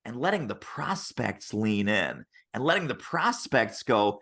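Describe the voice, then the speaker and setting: An animated male interview guest talks shop about selling over a video call. His pitch swoops as he tells stories and slips into quoted voices. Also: measured pace, hardly any pauses. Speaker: sales author and consultant.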